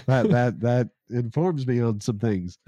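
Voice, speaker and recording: A man's voice: medium pitch, dark tone, no room sound. A man co-hosting a casual podcast, reading listener comments aloud and laughing often. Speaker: podcast co-host.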